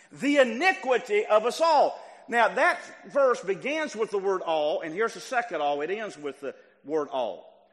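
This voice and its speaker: A man preaching a sermon to a church congregation. He is animated, climbing to near shouts and then dropping low. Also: unhurried, long reverb tail. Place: church sanctuary.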